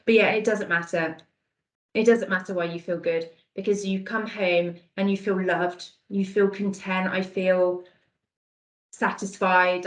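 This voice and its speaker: A woman's voice: on the low side, echoey room, rough recording. A woman presenting an online dementia awareness session over a video call, with an encouraging, conversational manner. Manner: warm, encouraging, praises answers from chat. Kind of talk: online training talk.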